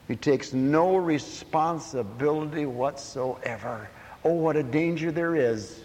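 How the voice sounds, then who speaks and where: Male preacher, lively swooping delivery, shouts at peaks, long hall reverb. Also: mid-range voice. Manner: emphatic, swinging from quiet asides to shouts. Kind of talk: sermon. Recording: echoey hall.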